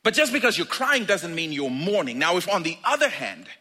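A man preaching a sermon in a conversational, animated way, acting out little asides. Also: sits high, brisk, slightly rough.

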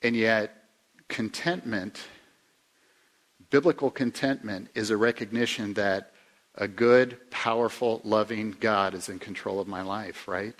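A man preaching a sermon in a conversational way, asking the listeners questions and swinging from emphatic rises to quiet low asides. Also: steady tone, measured pace. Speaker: pastor.

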